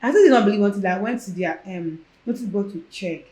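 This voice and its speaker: Animated Nigerian woman telling her story, roomy sound. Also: medium pitch, brisk. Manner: animated, acts out quoted dialogue. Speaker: guest. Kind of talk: casual personal storytelling. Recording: roomy echo.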